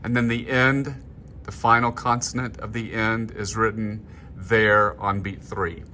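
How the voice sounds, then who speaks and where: A man's voice: fairly low pitch, flat delivery, unhurried, bright, forceful tone, slight background noise. A man leading a choir through a score. He explains markings patiently and step by step. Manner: patient, instructional, sings phrases to demonstrate. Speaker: choir director.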